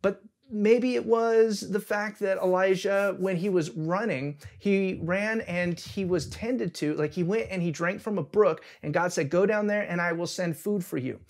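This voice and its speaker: High-voiced man preaching casually. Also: unhurried, few pauses. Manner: conversational, humorous retellings. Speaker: pastor. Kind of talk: casual sermon. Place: church service.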